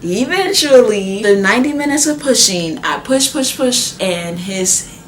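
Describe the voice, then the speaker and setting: A young woman telling a personal story in a casual, animated way, full of fillers, sometimes acting out what others said. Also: medium pitch, measured pace. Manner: animated, acts out quoted voices, many "like" fillers. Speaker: new mother. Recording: echoey room with faint ambient noise.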